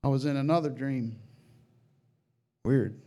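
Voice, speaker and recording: A man sharing a personal religious testimony about a dream, in an earnest, halting way with frequent restarts, sometimes rising high and loud with feeling. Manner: rises high and loud at emotional peaks.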